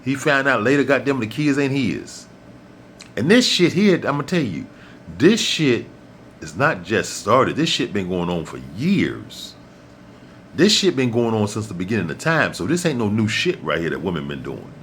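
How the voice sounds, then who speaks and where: A man's voice: on the low side, sing-song, moderate pace, fairly bright tone, slight background noise. Blunt, profane man ranting. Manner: blunt, profane and preachy, repeats himself for emphasis. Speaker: vlog host. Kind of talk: ranting monologue to camera.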